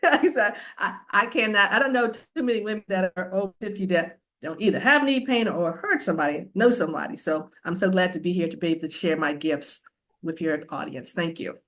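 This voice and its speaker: A woman in her fifties, a guest on a talk show, cheerful and quick to laugh. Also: fairly low pitch, fairly bright tone. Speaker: guest speaker.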